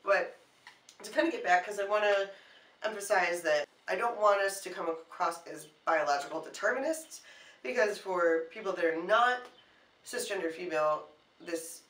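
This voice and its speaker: A woman co-hosting a casual chat, animated and often restarting her sentences. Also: medium pitch, moderate pace. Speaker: co-host. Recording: echoey room, mic at a distance.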